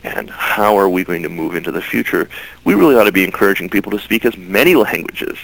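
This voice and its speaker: Earnest male interview guest, gravelly and animated. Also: sits low, fast, no room sound, rough recording. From United States. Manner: earnest, repeats words when starting phrases. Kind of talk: interview answers.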